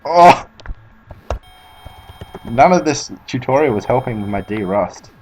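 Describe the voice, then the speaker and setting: Husky and mid-range, this man's voice is animated yet unhurried, heard over faint music in a rough recording. He's an Australian-accented speedrunner chatting as he plays, rambling, swearing a lot and laughing at himself.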